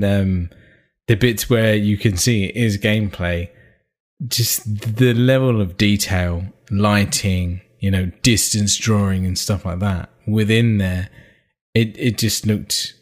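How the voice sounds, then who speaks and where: Slow-talking low-voiced co-host. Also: male voice. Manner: slow, searching for words, swears. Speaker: podcast co-host. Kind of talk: casual gaming podcast chat.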